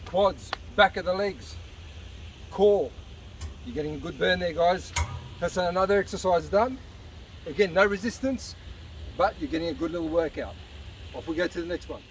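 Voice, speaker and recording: A fitness coach with a high, fairly bright voice leads viewers through a casual outdoor workout demo at a beach park. He's slightly out of breath and encouraging as he exercises. A distant outdoor mic picks him up along with traffic noise.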